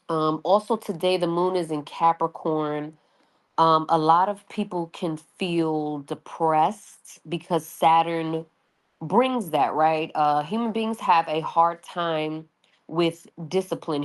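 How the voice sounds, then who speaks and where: A woman with a New York accent giving a casual, chatty astrology reading, often checking in with the listener. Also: sits low. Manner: chatty, loose, asks "right?" often. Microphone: audio only, no video.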